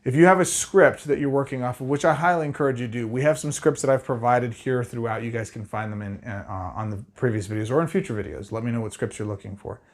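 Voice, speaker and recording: A middle-aged man giving sales tips straight to the camera, energetic and conversational. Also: medium pitch. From Arizona. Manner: energetic, conversational, fast-talking. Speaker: sales trainer.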